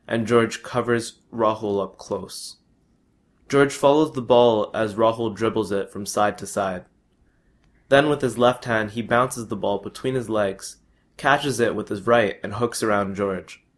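A young man reads a first-person story aloud, steady and matter-of-fact. His voice sits somewhat low, and the reading stays plain and unadorned. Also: a little slow.

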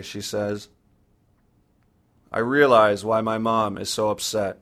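A man reads a personal story aloud in a measured, sombre present tense. His voice sits fairly low and he takes his time over every phrase. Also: steady tone, fairly bright tone. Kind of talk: first-person story reading.

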